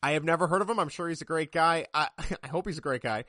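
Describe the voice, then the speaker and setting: A man's voice: fairly high pitch, fast talker, sharp tone, no room sound. A man co-hosting a casual sports podcast, rambling and joking, often laughing at himself. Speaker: podcast co-host.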